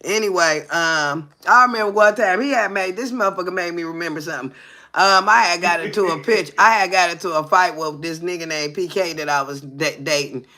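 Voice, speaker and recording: A woman's voice: fairly low pitch, a little fast, bright, forceful tone. A woman in her forties co-hosting a live talk show, telling profane, brash stories and constantly asking her listeners whether they hear her. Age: 40s. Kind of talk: casual live chat.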